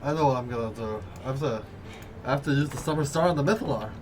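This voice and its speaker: A man's voice: mid-range voice, quick pace, noisy background. A man playing a tabletop game, hesitantly thinking aloud about his next move. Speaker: player.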